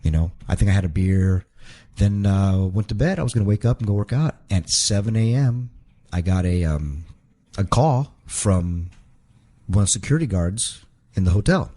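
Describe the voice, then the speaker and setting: A lower-voiced man telling a story. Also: moderate pace. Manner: rambling, animated retelling with quoted voices. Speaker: guest, professional wrestler. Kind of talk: storytelling in a casual interview.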